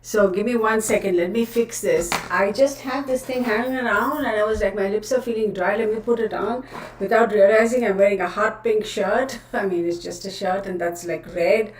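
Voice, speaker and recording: A woman's voice: mid-range voice, normal speed, few pauses. Woman, chatty livestream host, rambling, faint background hiss. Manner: chatty, self-laughing, scattered. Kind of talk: casual livestream chat. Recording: roomy, distant camera audio.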